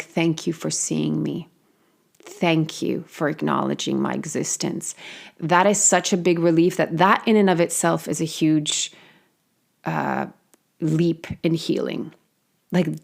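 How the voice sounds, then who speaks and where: A woman giving a reflective monologue on healing, talking earnestly and casually, with frequent fillers and the odd swear word. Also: fairly low pitch. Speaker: spiritual healing host.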